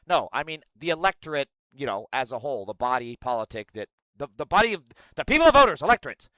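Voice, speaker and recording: A man's voice: fairly high pitch, big pitch swings, quick pace, bright, forceful tone, clean tone, no room sound. A man giving heated political commentary, blunt, profane and angry.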